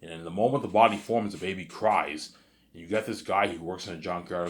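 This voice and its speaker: A man's voice: low voice, quick pace. A man talking alone in a rambling, boastful monologue, repeating himself and restarting sentences as he goes. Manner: repetitive, restarts, keeps saying "obviously" and "you know what I'm saying". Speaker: vlogger.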